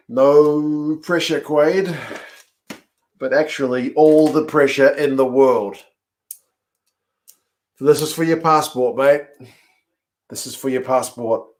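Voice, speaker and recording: A man hosts a live-stream watch-along from his home, reacting to a tense rugby finish. He talks at an unhurried pace in a mid-pitched voice, breaking into excited outbursts and chatting with his viewers between calls. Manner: excitable, yells at the screen, chats with viewers. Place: home, in front of a TV.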